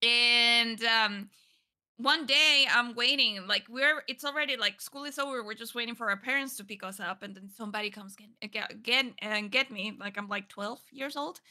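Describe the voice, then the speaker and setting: A woman co-hosting a casual podcast, telling stories expressively with loud outbursts. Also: on the high side, moderate pace. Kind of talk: casual chat.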